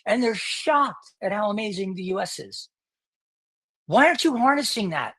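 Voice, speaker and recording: A man's voice: high-pitched, lively intonation, normal speed, fairly bright tone, breathy edge. A man hosting his own podcast, delivering an indignant, sarcastic solo rant. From United States. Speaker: podcast host.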